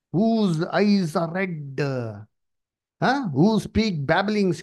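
Emphatic preacher, man. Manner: emphatic, repeats words, swings pitch up and down. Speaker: preacher leading Bible study. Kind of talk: sermon with Bible reading.

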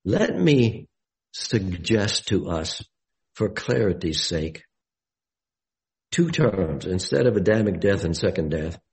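A man giving a Bible study sermon, deliberate and explanatory, with emphatic rises on key words. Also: low-pitched, big pitch swings, a little mellow, rough recording.

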